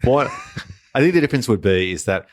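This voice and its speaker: A man co-hosting a casual podcast, explaining his points in a measured, listing way. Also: medium pitch, expressive, dry recording, studio quality. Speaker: podcast co-host. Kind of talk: casual conversational podcast chat.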